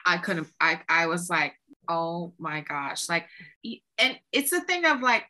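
Woman songwriter guest, bright voice, chatty storytelling w lots of "like", acts out conversations. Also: fairly low pitch, normal speed. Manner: animated, acts out quoted exchanges with lots of "like". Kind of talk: casual interview storytelling.

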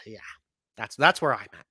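Male fantasy football podcast host, bright and forceful tone, close dry mic, casual animated delivery. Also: medium pitch, dry recording. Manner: animated, laughs at his own points. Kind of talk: casual sports talk.

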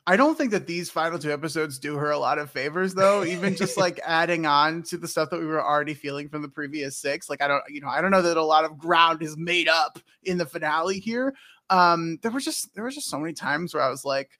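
A man hosting a podcast, chatting casually in an animated, teasing way. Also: fairly high pitch, brisk. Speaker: podcast host. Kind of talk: casual chat.

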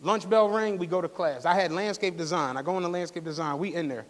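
A man co-hosting a live podcast, telling a profane, animated story and acting out the quotes. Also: high voice, fast. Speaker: podcast co-host. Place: live stage show in a studio venue. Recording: long hall reverb from a live venue.

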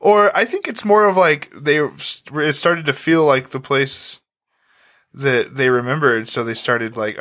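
A man's voice: a little high, a little slow, fairly bright tone. A man co-hosting a casual podcast, recapping an old TV episode in a laid-back, joking way with profane asides. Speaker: podcast co-host.

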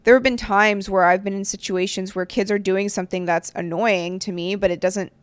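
Young woman podcast cohost, chatty storyteller, mid pitch, dry room. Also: steady tone, brisk, clean tone, dry recording. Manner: chatty, acts out quoted voices, many likes. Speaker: podcast co-host. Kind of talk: casual chat.

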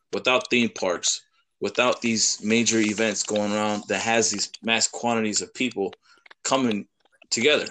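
A man's voice: on the low side, a bit bright, a little hiss or hum. A man co-hosting a casual podcast chat, joking and rambling, laughing often. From Mexican-American from the Lake Michigan area. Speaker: podcast co-host.

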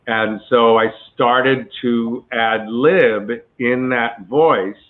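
A male actor being interviewed, telling a long story in a relaxed, chatty way with many asides. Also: mid-range voice, extremely slow. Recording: tinny phone-like line.

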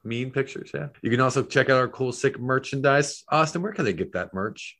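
Comedy podcast host, man, mid-pitch, breezy jokey plugs. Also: expressive, a little fast, fairly bright tone. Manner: upbeat, jokey sign-off patter. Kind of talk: improv comedy and show outro.

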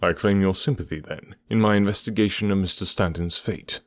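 Man doing a sharp detective, low voice, measured and dryly ironic, dry close sound. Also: dry recording, lightly acted. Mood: probing. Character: brisk, sharp-witted male detective, dry and probing.

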